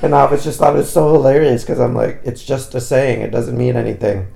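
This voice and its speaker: A man's voice: mid-range voice, fairly even intonation, brisk, creaky, dark tone. A man co-hosting a podcast, telling an amused story in easygoing casual chat. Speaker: podcast co-host.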